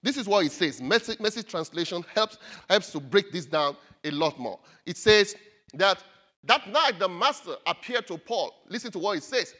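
Male pastor, sermon, emphatic, repeats key phrases, high voice, very animated pitch. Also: normal speed.

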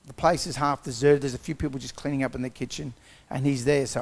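Gravelly man telling a story. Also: medium pitch, fast talker. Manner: conversational, animated retelling with acted-out quotes. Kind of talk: personal testimony storytelling.

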